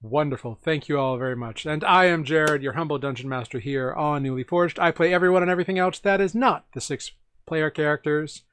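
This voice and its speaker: Chatty higher-voiced male dungeon master. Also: brisk, a bit bright, clear, resonant tone, no echo. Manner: chatty, self-correcting, apologetic asides. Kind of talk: recapping a tabletop game session.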